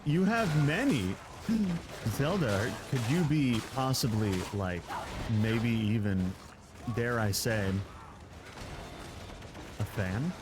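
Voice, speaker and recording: A man's voice: medium pitch, lively intonation, slow, long pauses, noisy background. A man streaming a game live, chatting with viewers and joking around. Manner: playful, joking, laughs often. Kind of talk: casual live gameplay commentary.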